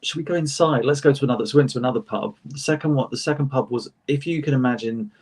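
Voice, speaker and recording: A young British man on a chat panel, telling lively anecdotes and acting out the people in them. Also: mid-range voice, very fast, a little hiss or hum. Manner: animated anecdotes, acting out quotes, self-laughing. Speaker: panel co-host. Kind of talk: casual storytelling chat.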